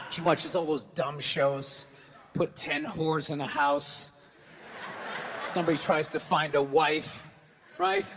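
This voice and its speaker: A man doing a stand-up comedy routine on stage, ranting profanely and breaking into shouts. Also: a little high, background noise. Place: large venue on stage. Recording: hall reverb with faint ambience.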